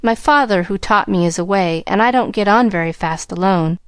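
Shy gentle young governess, voiced by a woman narrator, soft and timid, dry sound. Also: medium pitch, moderate pace, clear, resonant tone, no echo, lightly acted. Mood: bashful.

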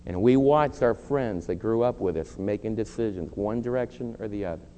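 A man's voice: on the low side, normal speed, mellow. A middle-aged man preaching a sermon as pastor, earnest and emphatic, mixing direct appeals with confessional asides. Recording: long hall reverb, faint hum.

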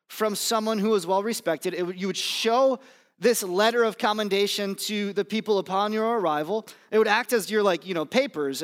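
A man preaching a sermon to his congregation in a conversational, self-deprecating way, with fillers and pauses. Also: high-pitched, smooth. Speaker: pastor. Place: church campus.

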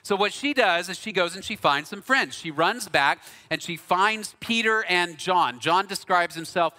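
Bright-voiced preacher in a reverberant hall. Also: male voice, high voice, moderate pace. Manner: storytelling, earnest, animated. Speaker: pastor. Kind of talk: sermon. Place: church auditorium.

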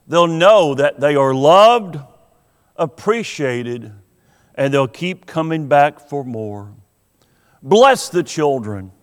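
A man preaching a sermon as pastor, earnest and emphatic, stretching out key words. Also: a little high. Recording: long hall reverb.

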